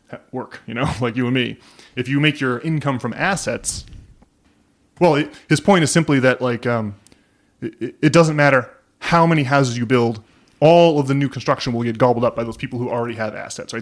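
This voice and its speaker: A man hosting a podcast in casual chat, rambling with frequent restarts and tag questions. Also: medium pitch. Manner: rambling, many restarts and "right?" tags. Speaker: podcast host.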